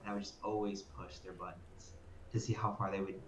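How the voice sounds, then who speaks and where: A young man on a student podcast, talking in a relaxed, hesitant way with fillers. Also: low voice, a little fast, a little hiss or hum. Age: young adult. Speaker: podcast co-host. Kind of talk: casual chat. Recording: roomy, dull, with faint ambience.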